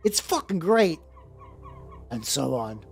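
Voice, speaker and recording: A streamer playing a video game, reacting aloud with swearing and reading the game's text out loud. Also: mid-range voice, sing-song, slow pace, vocal fry. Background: faint background music.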